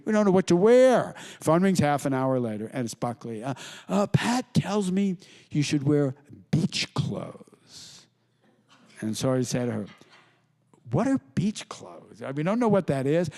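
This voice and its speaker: A middle-aged man, an author, telling anecdotes to a live audience, with halting restarts and quoted voices. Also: medium pitch, a little mellow. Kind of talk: storytelling talk to an audience. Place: lecture hall with audience.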